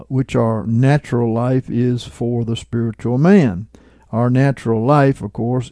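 A man's voice: medium pitch, warm tone, no echo. A man preaching informally as he retells a dream and explains it, checking in with listeners and chuckling at his own remarks. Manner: conversational, checks in with listeners with "right?" and "okay?".

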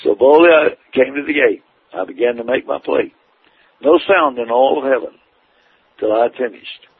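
A man's voice: mid-range voice, moderate pace, slightly rough. A man preaching his testimony in an earnest, emphatic storytelling manner. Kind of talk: testimony sermon. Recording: tinny phone-like radio broadcast.

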